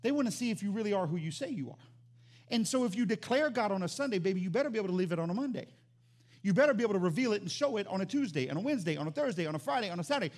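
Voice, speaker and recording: A high-voiced man preaching a sermon as pastor. He is animated, jumping from loud exclamations down to quiet, emphatic lines. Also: racing.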